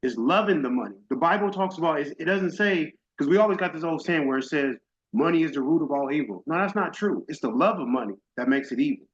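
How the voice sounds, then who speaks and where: At a summit, a middle-aged man shares a heartfelt personal testimony, emotional and faith-driven yet casual and direct. His voice runs on the high side, animated and quick, captured in dull lo-fi audio.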